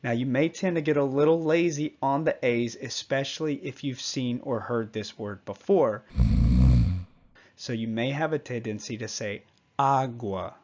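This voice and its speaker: A man teaching a Spanish pronunciation lesson, patiently repeating each example word slowly and clearly. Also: mid-range voice, a little mellow, dull audio.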